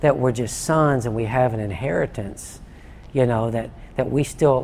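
A pastor with a mid-range voice gives a conversational sermon, often stammering and restarting but warming up as he goes. A little hiss or hum can be heard.

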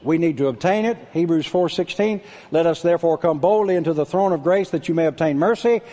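An older man preaching a sermon, husky-voiced, dropping to a hush and then calling out loud. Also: fairly high pitch, brisk. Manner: animated preaching, drops to a hush then shouts out. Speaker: pastor.

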